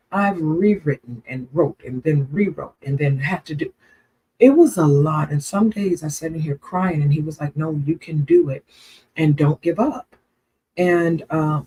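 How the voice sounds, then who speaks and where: A woman's voice: low voice, dark tone, husky, low-quality recording. A woman co-hosting a casual livestream chat, earnest and repeating herself for emphasis. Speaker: co-host.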